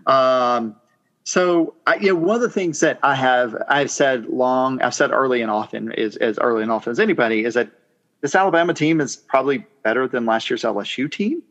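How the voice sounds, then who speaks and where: A man's voice: medium pitch, a little fast, a bit bright, dull audio. A man in casual sports chat, thoughtful and rambling with fillers. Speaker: podcast co-host.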